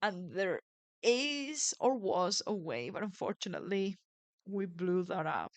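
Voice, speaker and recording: A woman plays through a story game, reading its text aloud and chatting about what might happen next. She muses and wonders aloud at a middling pitch. The recording is dry and close to the mic. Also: lively intonation, unhurried, no echo. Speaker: let's play streamer.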